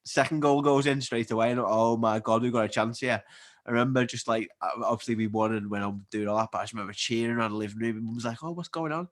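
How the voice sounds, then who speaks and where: A man in his twenties with a Scouse accent, chatting casually as a podcast guest and telling animated stories. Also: lowish voice. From Liverpool, England. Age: 20s. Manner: animated storyteller, quick and chatty. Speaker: guest athlete. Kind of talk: casual chat.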